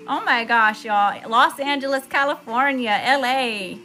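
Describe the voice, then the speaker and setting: Bubbly high-voiced woman. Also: brisk, hardly any pauses, soft background music. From Mississippi, US. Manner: effusive, warm shout-outs with lots of "y'all". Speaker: spiritual livestream host. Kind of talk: casual livestream chat reading comments.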